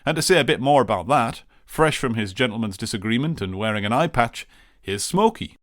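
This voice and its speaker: Dude doing a dry film recap, dry close mic, middle pitch. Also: male voice, a little fast, no echo. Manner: wry, deadpan listing. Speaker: podcast host.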